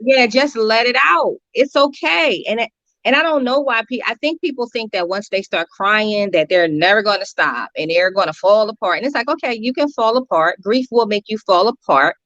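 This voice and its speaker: A woman guest counselor talking earnestly in an interview, telling stories with lively repetitions. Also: a little high, normal speed, no room sound. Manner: earnest, animated storytelling with repetitions. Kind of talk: conversational interview talk. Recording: dry, dull lo-fi audio.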